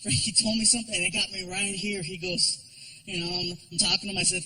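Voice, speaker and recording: High, bright-voiced male stand-up comic. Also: fast talker, low-quality recording. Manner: animated storytelling with voices and shouted punchlines. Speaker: stand-up comedian. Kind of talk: stand-up comedy routine.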